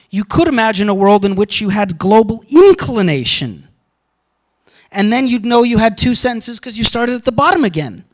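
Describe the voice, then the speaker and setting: A man giving a university lecture, animated and often checking in with the class. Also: high voice, moderate pace, rough recording.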